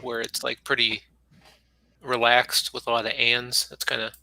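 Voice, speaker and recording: A man's voice: medium pitch, level tone, moderate pace, vocal fry, background noise. A man chatting casually during an online poker game, giving frank, rambling feedback full of fillers. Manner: frank, thinks aloud with many fillers.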